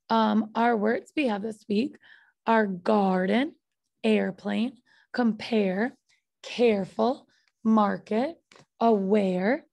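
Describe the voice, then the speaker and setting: A woman's voice: fairly high pitch, creaky, darkish tone, no room sound. A woman teacher walking through a spelling lesson, patient and checking in with "okay?" often. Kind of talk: phonics lesson.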